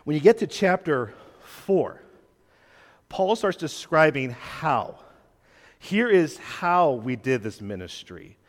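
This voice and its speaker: A man's voice: on the high side, big pitch swings, slow pace, long reverb tail. A young adult man preaching a sermon as a guest preacher in a church, talking in a conversational way, acting out quoted voices and joking with the congregation. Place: church sanctuary.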